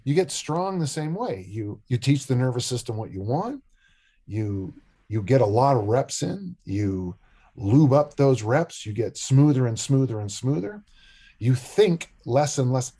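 An older man with a husky, slightly breathy voice at an average pitch, talking as a coach on a podcast. He tells stories in an animated, joking way. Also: a little slow. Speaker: strength coach and discus coach. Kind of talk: podcast interview.

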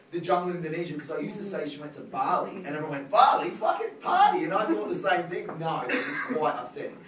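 Loud Australian comic ranting on stage. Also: male voice, on the high side. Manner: loud, swearing, animated rants. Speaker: stand-up comedian. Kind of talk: stand-up comedy set. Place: comedy club stage with audience. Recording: roomy live venue, crowd, from far off.

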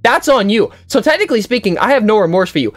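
A reaction video host, loudly exclaiming and mocking the clips with blunt opinions. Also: female voice, mid-range voice, very animated, fast, no echo. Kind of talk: reaction commentary.

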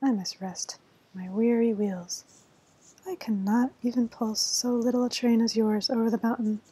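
A worn-out old storybook engine sighs his words in a slow, hushed whispered role-play, as a woman puts him on. The whisper is low, breathy and drowsy. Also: fairly even intonation. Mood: weary. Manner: sighing, slow and tired. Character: weary, rusty old male engine.

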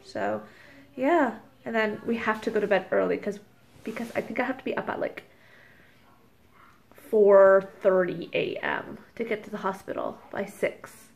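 A woman's voice: mid-range voice, a little slow, vocal fry, a little mellow. A woman chatting casually to camera in a vlog, rambling with lots of fillers, recorded on a handheld phone in a parked car. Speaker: vlogger and expectant mother.

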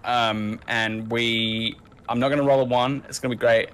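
Male player, casual and jokey, mid-pitched everyday voice. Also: steady tone, normal speed, fairly bright tone, clean tone. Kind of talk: casual table chat.

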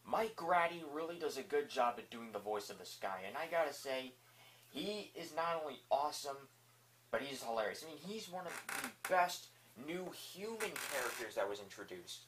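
A man's voice: mid-range voice, animated, normal speed, a bit bright, slight background noise. A man giving a casual spoken review, enthusiastic and rambling, with lots of fillers. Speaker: video reviewer.

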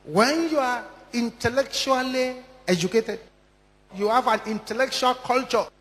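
A man delivers a sermon in a strikingly high voice, hammering his points with repeated lines that climb and fall. His words ring out with the long reverb of a large church hall. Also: a bit bright. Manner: emphatic, repeating lines with strong rises and drops. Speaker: preacher.

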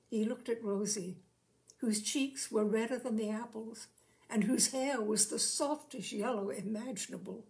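A woman reading a short story aloud in a measured, expressive way. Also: fairly high pitch, vocal fry. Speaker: story reader.

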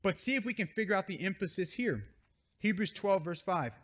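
A man's voice: high-pitched, very animated, brisk, a bit bright. A man pastor preaching a sermon, reading scripture verses aloud and stressing key words as he explains them. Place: church sanctuary.

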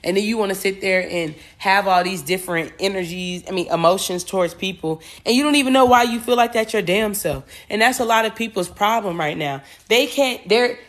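A woman's voice: mid-range voice, fairly quick, few pauses. A woman doing a casual tarot reading, talking bluntly with profanity and rambling asides, and growing emphatic as she goes. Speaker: tarot reader.

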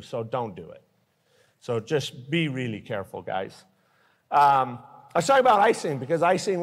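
Earnest man warning pilots in echoing hall. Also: a little high. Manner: earnest, emotional, blunt warnings. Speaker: speaker at aviation safety forum. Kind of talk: live safety talk to pilots. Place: forum at an airport hangar venue. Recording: long reverb from a large hall.

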